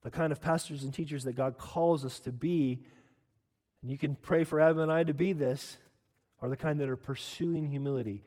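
A man's voice: a little high, fairly even intonation, normal speed. Preaching man in a reverberant hall. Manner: emphatic preaching, repeats "listen", rises to loud peaks. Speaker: pastor. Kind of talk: sermon.

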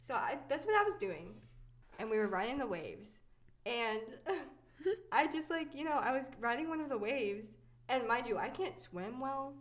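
A woman's voice: sits high, big pitch swings, normal speed. A young woman hosting a podcast, telling personal stories in casual chat, chatty and giggly with many fillers. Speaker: podcast host.

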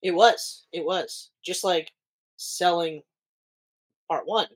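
A man's voice: sits high, takes it slowly. A man co-hosting a casual podcast chat, telling stories animatedly, acting out quotes and swearing freely. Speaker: podcast co-host.

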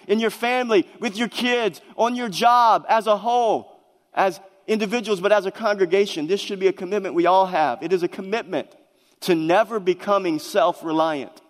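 A man preaching a sermon to his congregation, earnest and emphatic, often stumbling and restarting his words. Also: sits high. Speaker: pastor. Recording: long reverb of a large hall.

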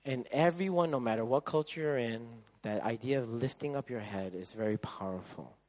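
A man in his thirties preaching at a camp, telling a personal story with lively acted-out voices and frequent laughter. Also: medium pitch, moderate pace. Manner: animated storyteller, acts out voices, laughs often. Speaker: camp speaker. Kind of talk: sermon with storytelling.

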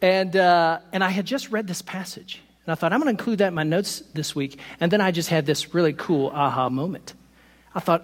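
A man preaching a sermon to his congregation, animated and quick to poke fun at himself with laughing asides. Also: high-pitched, big-room sound. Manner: animated, self-deprecating humor, laughs at own stories. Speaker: pastor. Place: church sanctuary.

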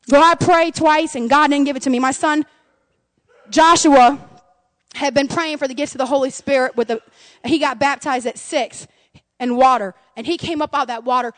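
A high-pitched, middle-aged woman pastor with a drawl delivers a fervent sermon. She rises to ringing cries and drops to near-whispers. Her voice is close and dry, with no room sound behind it. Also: no echo. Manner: impassioned, swings from loud cries to hushed tones.

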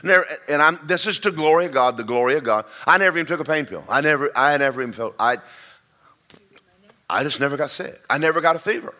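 A man preaching a folksy, emphatic sermon, slowing down to stress key words. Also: fairly high pitch, lively intonation, sharp tone.

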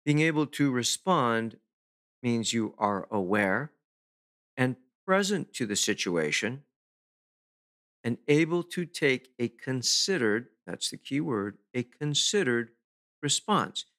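A man giving a self-help talk in an emphatic, deliberate way, pausing to stress key words. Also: mid-range voice, sing-song, a bit bright. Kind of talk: motivational talk to camera.

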